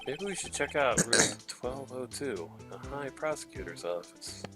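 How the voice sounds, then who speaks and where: A chatty streamer who drops quick asides as he plays. His pitch moves a lot, and faint music plays behind him. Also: expressive. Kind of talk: casual chat.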